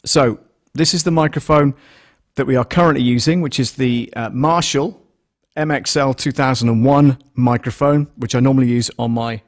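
A man's voice: medium pitch, normal speed. A man hosting a casual live stream, thinking aloud as he sets up gear and counts numbers into a close desktop condenser mic in a small studio. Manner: rambling, thinks aloud while setting up gear. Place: small studio with a mixing desk. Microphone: desktop condenser microphone, close.

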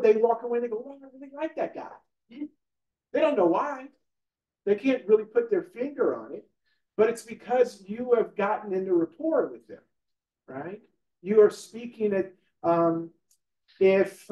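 A real estate trainer runs a live training class conversationally, frequently asking the room questions and checking in with "right?". His voice sits high with a darkish tone. The room is echoey, and he's recorded from a distance.

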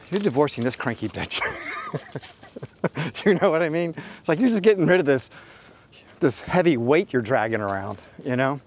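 A middle-aged dating advice host tells stories in a casual, unscripted monologue, his ordinary mid-pitched voice carrying a darkish tone. He rambles, circles back, leans on lots of fillers, and tosses in blunt, profane asides.

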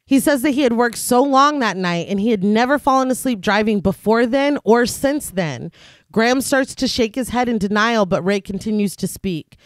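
A woman's voice: a little high, lively intonation, moderate pace, dry recording, studio quality. Laughing woman recapping a film plot. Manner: breaks into laughter while recapping. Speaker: podcast co-host.

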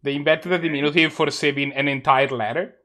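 A man's voice: on the high side, steady tone, bright, forceful tone. Teasing tabletop player, a man. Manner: teasing, quick to question. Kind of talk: casual online game chat.

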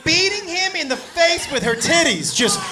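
A male stand-up comedian telling a profane story on a club stage, animated and acting out the people in it. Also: very high-pitched, normal speed, loud music behind the voice. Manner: animated, profane, acts out characters. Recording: noisy live club recording with loud crowd. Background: loud audience laughter.

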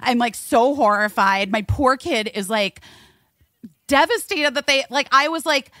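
A woman's voice: high voice, unhurried, dry recording, studio quality. A woman hosting a podcast, telling a story in casual chat with lots of swearing and filler words. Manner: animated, swears, many "like" fillers. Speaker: podcast host.

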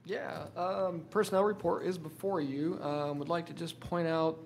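A man presents business to a school board in a very gravelly, fry-heavy voice pitched somewhat high. He is losing his voice and hesitates with filler words and restarts. A faint hum of the meeting room sits behind him. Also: steady tone, normal speed. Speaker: school superintendent.

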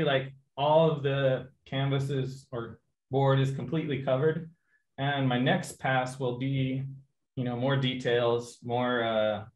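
A man, a guest artist, casually telling a story to an online audience and acting out the voices in it. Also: medium pitch. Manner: animated anecdote teller, acts out voices in quotes. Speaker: guest artist giving a painting demo.

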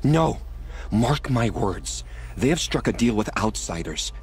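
A man's voice: medium pitch, big pitch swings, unhurried, husky, faint music behind, heavily acted. An actor playing a selfish, complaining male village healer in a game, speaking with indignant drama. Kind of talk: game character dialogue.

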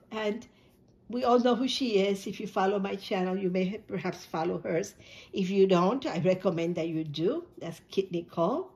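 A woman's voice: fairly high pitch, a little mellow. A woman hosting her own video channel, talking casually and emotionally to her viewers, full of thanks and frequent restarts. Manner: emotional, grateful, many restarts and repeated words. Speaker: YouTube channel host.

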